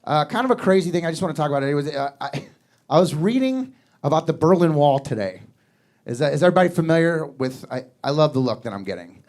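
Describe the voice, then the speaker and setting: A man's voice: a little high, very animated, fast talker, a little mellow. A man performing a stand-up comedy set on a club stage, with a casual, rambling delivery and acted-out voices.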